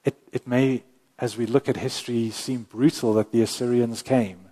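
Male pastor, mid pitch, earnest preaching with weighty pauses, long hall reverb. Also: fairly even intonation, warm tone. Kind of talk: sermon.

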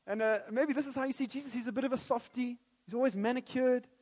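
High-voiced preacher in a reverberant hall. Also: male voice, quick pace. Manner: jokey and animated at first, then earnest and prayerful. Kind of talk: sermon.

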